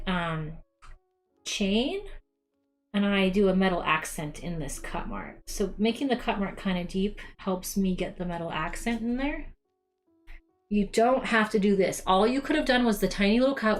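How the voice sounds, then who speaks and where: Casual, friendly young woman host for a how-to craft stream, mid-range voice, speaks to viewers directly, light music underneath. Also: mid-range voice. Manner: chatty, talks to viewers as "you guys", many ums. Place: home craft room.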